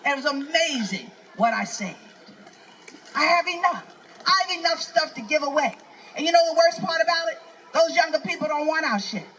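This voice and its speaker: Brash, high-voiced New York woman comic. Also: animated, moderate pace, a bit bright, slight background noise, poor audio. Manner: brash, profane, preachy rants. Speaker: stand-up comedian. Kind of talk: live stand-up set. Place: outdoor festival stage.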